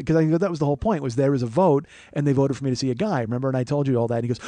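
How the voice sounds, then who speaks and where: A man talking very fast and loose, his stories rambling and full of swearing and self-mockery. The sound is close and dry with no room around it. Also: mid-range voice, mellow, no room sound. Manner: rambling, profane, self-mocking. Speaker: podcast host. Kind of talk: casual comedic storytelling.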